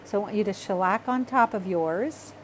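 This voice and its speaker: A woman teaching a hands-on art project in a loose, chatty way, talking to herself and apologizing as she gets excited. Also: medium pitch, normal speed, slight background noise. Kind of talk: casual craft tutorial.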